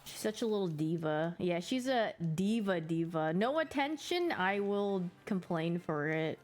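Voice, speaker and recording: A young woman chats casually on her stream, bubbly and quick to giggle. She slips into playful little voices for her pets as she talks. Soft music plays faintly underneath. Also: lowish voice, animated.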